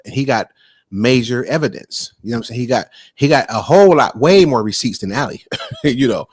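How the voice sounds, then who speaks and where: A man's voice: fairly low pitch, no echo. A man hosting a live talk stream, speaking casually and emphatically, often repeating words. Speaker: host.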